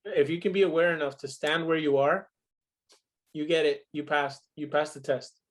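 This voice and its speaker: A man's voice: a little high, fairly even intonation, normal speed. Emphatic, profane young man on a podcast. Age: 20s. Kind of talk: casual podcast chat.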